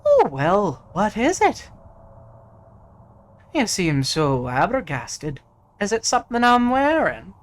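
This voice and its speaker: Guy doing a smug cocky adventurer voice, goes way up high, slow and sly. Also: wildly swooping pitch, full character voice. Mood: mocking.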